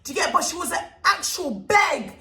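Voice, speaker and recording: A young woman telling a storytime vlog, animated and emphatic, full of street slang. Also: very high voice, normal speed. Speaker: vlogger. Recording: echoey room.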